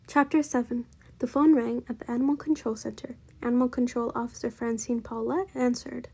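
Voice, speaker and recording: Husky, gravelly woman reading a storybook. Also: a little high, fairly even intonation, fairly quick, a little mellow. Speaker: storybook reader. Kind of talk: children's book read-aloud.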